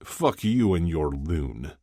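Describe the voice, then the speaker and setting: A man's voice: very deep voice, big pitch swings, slow, dark tone, dry recording, full character voice. A man doing Ilya, a dry, sardonic hockey player. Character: young male Russian hockey player, wry and guarded.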